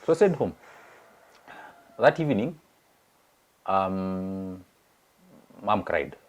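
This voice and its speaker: A man's voice: low voice, slow pace. A young Kenyan man with a Kenyan accent, telling a personal story in a casual chat, mixing languages and acting out the people he quotes. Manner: animated, acts out quoted voices. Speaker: guest sharing his story. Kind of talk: casual storytelling in English and Swahili.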